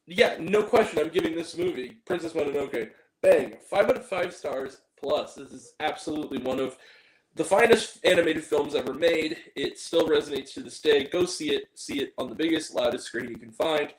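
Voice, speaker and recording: A man hosting a casual movie review show, talking in an animated, joking way with mock-angry rants. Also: on the high side, normal speed, echoey room, low-quality recording.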